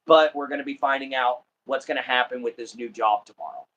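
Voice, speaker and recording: A man's voice: mid-range voice, brisk, fairly bright tone, highs cut off. An American man hosting a casual livestream, chatting and laughing often as he greets viewers. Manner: laughs often, friendly sign-offs. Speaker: livestream host.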